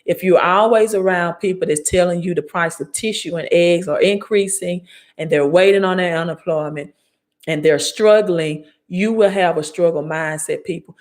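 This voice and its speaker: A woman's voice: lowish voice, normal speed. A woman in her forties with a Southern Mississippi accent, giving an emphatic, preachy live-stream talk on money and business, repeating her key points. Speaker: credit and finance coach. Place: home, live video.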